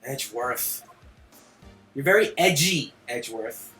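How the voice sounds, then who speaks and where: A man's voice: fairly high pitch, animated, normal speed, bright, forceful tone, soft background music. A young man casually commenting while he streams a game, joking around and laughing often.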